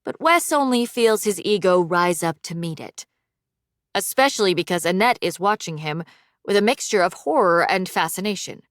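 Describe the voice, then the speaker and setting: A woman narrating an audiobook in an even, measured way. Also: on the low side, no room sound, studio quality. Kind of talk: scripted narration.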